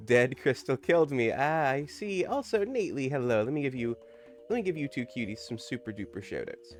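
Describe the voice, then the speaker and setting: A man hosts a relaxed live game stream in an upbeat, playful way. His voice sits at an ordinary pitch, and soft game music hums faintly behind him. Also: fairly quick. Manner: upbeat, playful, reads game text aloud. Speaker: streamer host. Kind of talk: casual live-stream chat while gaming.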